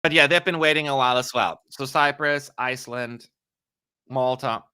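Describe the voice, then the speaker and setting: A man's voice: medium pitch, moderate pace, sharp tone, clean tone, no room sound. A man from Germany hosting a live stream, chatty and self-mocking, with a dry, sarcastic streak. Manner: chatty, self-mocking, reads viewer questions aloud. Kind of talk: casual live-stream commentary.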